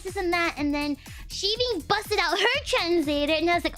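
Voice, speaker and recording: A woman's voice: extremely high pitch, moderate pace, a bit bright, faint music behind. A young adult woman from the United States, streaming and telling rambling stories in casual chat, laughing often. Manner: giggly, rambling storytelling with frequent laughs. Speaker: VTuber streamer.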